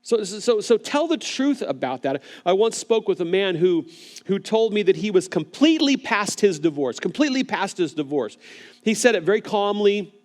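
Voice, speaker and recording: A man preaching a sermon as pastor, earnest and gentle, often repeating words as he starts a phrase and speaking straight to viewers online. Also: high-pitched.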